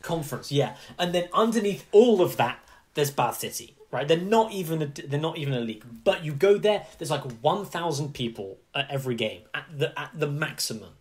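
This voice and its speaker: Animated man chatting casually. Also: on the high side, fairly quick. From England. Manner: animated, talks in long runs with many asides. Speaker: podcast co-host. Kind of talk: casual chat.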